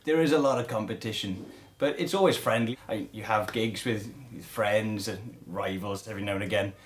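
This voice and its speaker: Welsh-accented male musician guest, relaxed, modest, chatty. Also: lowish voice, moderate pace. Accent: Cardiff Welsh. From Wales. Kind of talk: casual interview answers.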